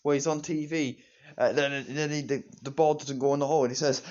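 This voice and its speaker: Teen guy rambling about a movie he loves, middle pitch, muffled lo-fi mic. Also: fairly even intonation, a little fast. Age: teens. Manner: rambling, repetitive, enthusiastic fan talk with restarts. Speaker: movie reviewer. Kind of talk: casual solo movie review. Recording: dull lo-fi home recording.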